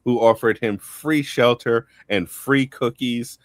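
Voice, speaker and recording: A man's voice: mid-range voice, takes it slowly, no echo, studio quality. A man narrating a tabletop game as game master on a live talk show, playful and laughing often.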